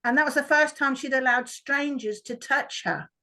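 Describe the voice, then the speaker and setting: A woman's voice: sits high, normal speed, bright, forceful tone, rough recording. A woman, a workshop participant, chattily telling a story about her dog on a video call. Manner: chatty, with restarts.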